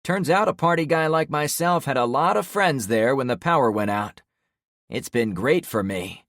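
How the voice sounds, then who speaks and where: A man voicing a hostile, volatile young male party guy who taunts and shouts insults. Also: fairly high pitch, lively intonation, measured pace, gravelly, no echo, studio quality, voice pushed up. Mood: raging, taunting.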